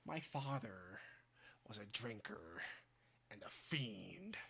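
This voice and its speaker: A man's voice: mid-range voice, big pitch swings, slow, bright, forceful tone, breathy edge, exaggerated voice. A man doing a mumbled, half-laughing impression of a menacing, scarred male clown villain.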